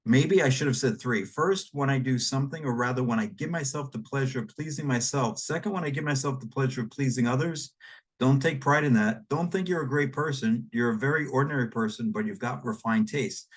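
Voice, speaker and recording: A man narrating a spiritual book aloud in a measured, reflective manner, speaking directly to the listener. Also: mid-range voice. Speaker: audiobook reader. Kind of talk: read-aloud nonfiction narration.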